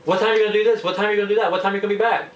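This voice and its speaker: A pushy, nagging friend who plays parent, as a man puts on the voice, asking question after question in a raised, higher pitch. The voice rings in an echoey room. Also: fairly even intonation, rapid-fire, natural voice.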